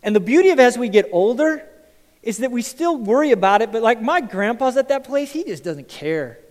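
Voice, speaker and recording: A male pastor preaching a sermon to a congregation. He moves from loud, emphatic lines to quiet, intense ones. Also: very high voice, big pitch swings, a little fast. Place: church sanctuary. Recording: church hall with long reverb.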